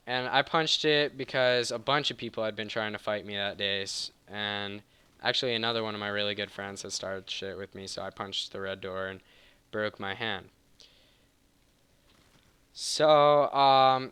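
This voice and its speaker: A man's voice: on the low side, sharp tone, clean tone, no room sound. A man telling a rambling, heated personal story over gameplay commentary, casual and profane, often stopping to correct himself. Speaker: gaming channel host.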